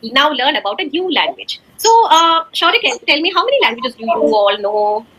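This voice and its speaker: Bright, high-voiced woman teaching. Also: sing-song, brisk, a little hiss or hum, rough recording. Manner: encouraging, checks in with frequent "okay?". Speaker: teacher giving a demo class. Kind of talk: teaching a young child.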